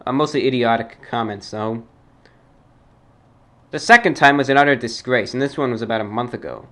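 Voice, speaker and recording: A man from the New York area with a British-New York blend accent, hosting a talk show and reading fan mail in a formal, measured, dry way. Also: medium pitch, animated, a bit bright.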